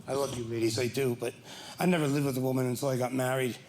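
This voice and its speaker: A man's voice: mid-range voice, fairly even intonation, fast. A man doing a stand-up comedy set, telling wry, mock-exasperated stories about marriage and family. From Ireland. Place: comedy club stage. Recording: echoey stage with loud crowd noise.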